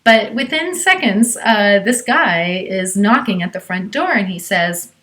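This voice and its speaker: Woman storyteller from Southern California, conversational and chatty, mid pitch. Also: expressive, measured pace, fairly bright tone. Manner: conversational, with many fillers. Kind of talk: live personal storytelling.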